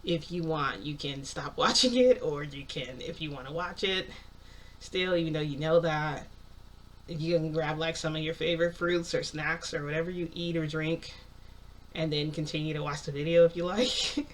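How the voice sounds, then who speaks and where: A man tells a story to his viewers in a loose, rambling way, leaning on "like" and breaking into small laughs. His voice sits a little high. A faint hiss runs underneath. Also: moderate pace, fairly bright tone. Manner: rambling, heavy use of "like"; chatty, laughs often. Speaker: vlogger. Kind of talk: casual storytelling.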